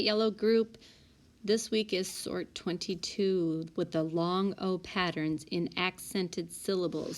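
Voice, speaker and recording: A woman teacher talking through spelling word sorts over a whiteboard app, calling out each word and its group and now and then correcting herself. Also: on the low side. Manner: sorting words aloud, stopping to correct herself. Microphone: tablet mic, voice-over.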